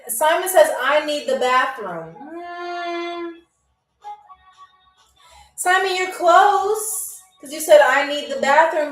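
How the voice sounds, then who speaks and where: A woman hosting a live-streamed game show, teasing viewers and reading their comments aloud, and saying foreign phrases very slowly. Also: high-pitched. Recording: roomy, mic at a distance, faint music.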